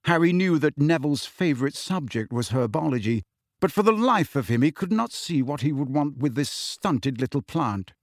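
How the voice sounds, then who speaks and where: A man reading a fantasy novel aloud in a steady, expressive storytelling manner. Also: on the high side, normal speed, dry recording, clean studio sound. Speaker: audiobook narrator. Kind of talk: scripted fantasy novel narration.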